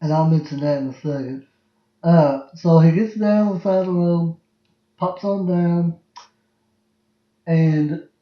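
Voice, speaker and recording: A man, hosting a podcast on a livestream and telling family stories in a rambling, laughing way that repeats itself. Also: on the high side. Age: 20s. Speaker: podcast host. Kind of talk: casual storytelling on a livestream. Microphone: phone livestream. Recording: roomy, dull lo-fi livestream sound.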